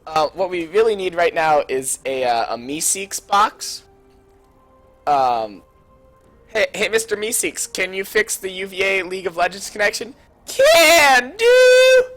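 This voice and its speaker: A young adult student caster rambling casually and hesitantly to fill a long pause in a game stream, with self-deprecating asides. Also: mid-range voice, animated, fairly bright tone, soft background music.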